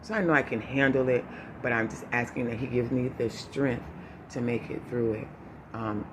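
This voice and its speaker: A man gives his viewers an unscripted personal update, speaking haltingly with many fillers and restarts as he chokes up and fights back tears. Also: medium pitch, fairly bright tone, a little hiss or hum. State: emotional, choking up. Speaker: vlogger giving a family update.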